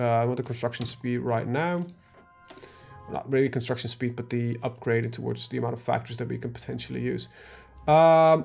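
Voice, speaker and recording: A man's voice: mid-range voice, gravelly, a little mellow. A man live-streaming a strategy game, talking casually to himself and his chat, full of ums and the odd swear word. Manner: thinks aloud, lots of ums, casual swearing.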